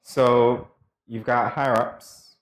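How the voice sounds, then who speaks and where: A man's voice: mid-range voice, level tone, takes it slowly, a little hiss or hum. A man co-hosting a morning show, chatting wryly and reading out meanings of sayings. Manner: dry, wry, reads out meanings. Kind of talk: casual studio chat.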